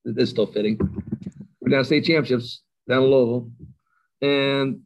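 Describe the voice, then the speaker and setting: A middle-aged man, a high school football coach, animatedly telling a self-mocking story in an interview. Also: fairly even intonation, moderate pace, rough recording.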